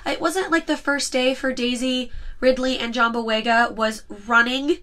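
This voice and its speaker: A woman's voice: high-pitched, steady tone, a little slow, a bit bright. A woman hosting a casual chat podcast, giggling often and retelling movie scenes with lots of "like". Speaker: podcast host.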